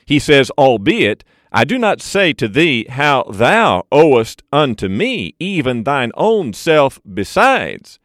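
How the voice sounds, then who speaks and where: A male preacher gives a verse-by-verse sermon in a voice that swings widely between high and low. He slows to stress the key phrases. The sound is close and dry, with no room around it. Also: no echo. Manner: expository preaching with lively swings in pitch and slowed emphasis on key phrases.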